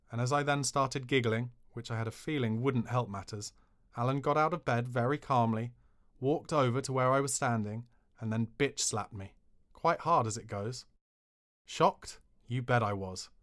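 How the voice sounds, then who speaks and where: A man's voice: mid-range voice, moderate pace, fairly bright tone. A man reading a memoir aloud on a podcast, in a dry, cheeky storytelling way. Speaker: podcast narrator.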